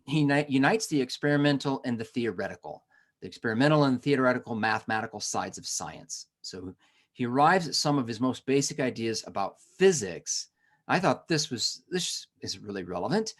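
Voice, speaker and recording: A man teaching a history lesson in a conversational way, with asides and self-corrections. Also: medium pitch. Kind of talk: lesson on a recorded webinar.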